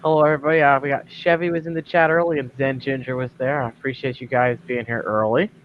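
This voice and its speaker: A man's voice: medium pitch, steady tone, brisk, highs cut off, a little hiss or hum. A man co-hosting a casual livestream, easygoing, greeting viewers by name and keeping the chat going. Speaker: co-host.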